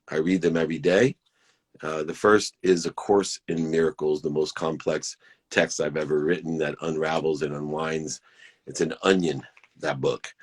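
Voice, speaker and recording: Low husky man giving a motivational talk. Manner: earnest, emphatic, repeats key phrases. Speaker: motivational speaker hosting a live stream. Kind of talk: live-stream motivational talk.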